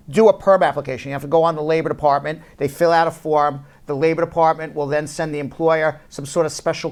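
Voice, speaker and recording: A man hosting a live immigration law show, joking with his co-host and then explaining legal steps one at a time, checking in with "okay?". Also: on the high side. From United States. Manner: joking, loud teasing, then explains step by step with repeated "okay?".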